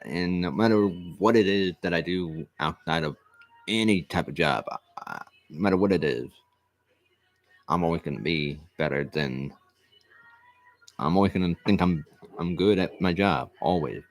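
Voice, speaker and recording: Deep-voiced man earnestly telling a personal story. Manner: earnest, repetitive, halting restarts. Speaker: vlog host.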